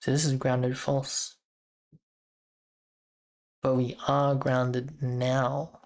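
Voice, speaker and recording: Extremely low and level, this woman's voice moves at an extremely slow pace with a slightly mellow quality. A streamer and software developer, she codes casually on stream, thinking aloud to her chat, trailing off, restarting, and chuckling now and then.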